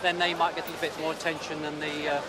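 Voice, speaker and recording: A police officer explaining crowd searches in a measured way, saying "obviously" often. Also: male voice, on the high side, little pitch movement. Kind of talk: interview answer. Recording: loud street noise outdoors.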